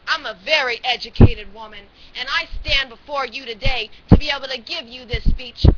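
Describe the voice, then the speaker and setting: A woman with a very high, bright and forceful voice delivers a profane, scolding rant, slow and deliberate in her pacing. She breaks into shouts now and then. The sound is dull lo-fi webcam audio with a faint hiss and clicks behind it. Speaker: webcam ranter. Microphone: built-in webcam mic.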